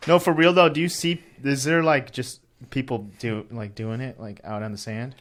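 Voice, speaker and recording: A man's voice: medium pitch, steady tone, normal speed, fairly bright tone. A man hosting a podcast, asking curious, playful follow-up questions in casual talk. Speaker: podcast host.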